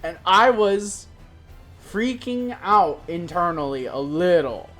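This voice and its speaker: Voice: medium pitch, takes it slowly, faint music behind. A streamer from Florida telling a travel story in casual, profane chat, acting out the people in it. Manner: animated, profane, puts on voices for quoted people.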